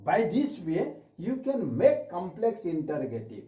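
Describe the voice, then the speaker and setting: A man teaching an English grammar lesson, repeating each example sentence slowly. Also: sits high, very animated, dark tone. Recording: echoey room, dull lo-fi sound.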